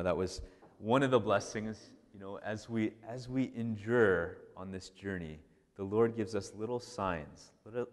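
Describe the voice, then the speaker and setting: A man, a priest, giving a casual, animated storytelling talk full of restarts and "like". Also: on the low side. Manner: animated, conversational, many restarts and "like". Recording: long hall reverb.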